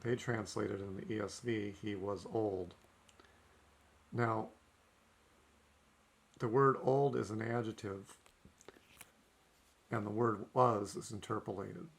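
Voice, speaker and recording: Low-voiced man teaching a lesson. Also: steady tone, slow, vocal fry, pauses often. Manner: methodical, frequent "okay" between points. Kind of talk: recorded language lesson.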